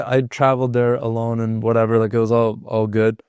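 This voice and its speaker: A man's voice: medium pitch, flat delivery, brisk, few pauses, a little mellow, clean tone, no echo, studio quality. A man from Canada hosting a podcast, telling a personal story in a loose, chatty way and filling his talk with "like.". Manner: loose and chatty, leans on filler "like". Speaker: podcast host. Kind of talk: casual conversational storytelling.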